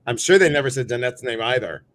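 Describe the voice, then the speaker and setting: A middle-aged man hosting a live stream, greeting viewers by name in a playful, jokey way, often jumping his voice up high. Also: lively intonation, quick pace, fairly bright tone. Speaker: host of a live show.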